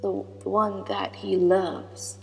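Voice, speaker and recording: A woman voicing a frail, mysterious old male vagabond who speaks in a slow, hoarse, gravelly whisper. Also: mid-range voice, flat delivery. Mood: cryptic. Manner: slow, halting, cryptic. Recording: long reverb with background music.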